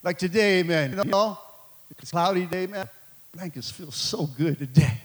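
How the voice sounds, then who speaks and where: A man's voice: high-pitched, normal speed. A man preaching a fervent sermon to a church, peppering it with calls of amen and stumbling restarts. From Mexico. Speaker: pastor.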